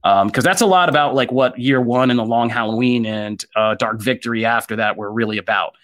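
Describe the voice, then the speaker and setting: A man co-hosting a casual pop-culture chat, animated and joking, jumping high and loud when he gets excited. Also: brisk. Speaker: podcast co-host.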